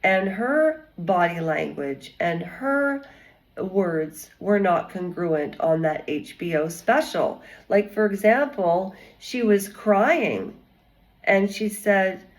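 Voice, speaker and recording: Woman vlogger, slow and rambling, chatty and digressive. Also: medium pitch, expressive, poor audio. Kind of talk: casual commentary vlog.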